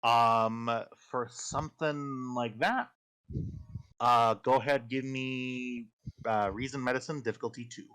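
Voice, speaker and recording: A man's voice: mid-range voice, steady tone, slow pace, a bit bright, clean tone. A man with a Midwestern accent, running a tabletop role-playing game as game master, hesitant and full of ums and restarts. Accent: Midwestern American. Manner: hesitant, lots of ums and restarts, laughs often. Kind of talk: narrating a tabletop game over a call.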